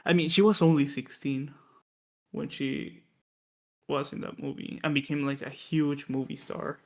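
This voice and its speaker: A man's voice: a little high, fairly even intonation, measured pace, vocal fry. A man co-hosting a casual film discussion podcast, telling production stories in a chatty way with many restarts and fillers. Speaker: podcast co-host.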